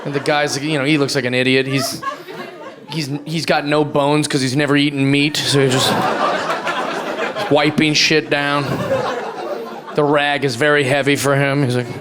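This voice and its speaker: A man doing a stand-up routine, mocking and profane, with animated rants. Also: fairly high pitch, normal speed, long pauses, over a noisy crowd, very noisy. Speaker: stand-up comedian. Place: comedy club stage with live audience. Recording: live club recording with loud audience laughter.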